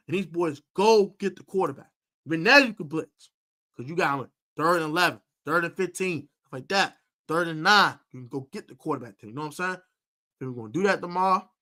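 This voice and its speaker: A fairly high-pitched man with a bright, forceful voice hosts a live football preview stream. He talks in an animated, emphatic way, repeating points for stress and filling gaps with ums and uhs. His delivery is loose, unscripted chat. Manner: emphatic, animated sports talk with fillers and repeats. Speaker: sports podcast host.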